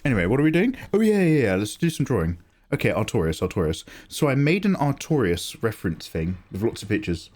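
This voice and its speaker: Man, young adult, livestream chat, animated, theatrical complaining, sweary, very expressive pitch. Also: quick pace. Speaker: art livestreamer.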